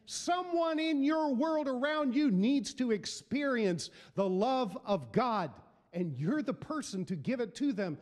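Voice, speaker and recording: A man's voice: very high voice, animated, a little slow, few pauses, a little mellow, long reverb tail. A middle-aged man preaching a sermon as pastor, building emphasis through repeated phrases. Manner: preaching with rising emphasis and repetition.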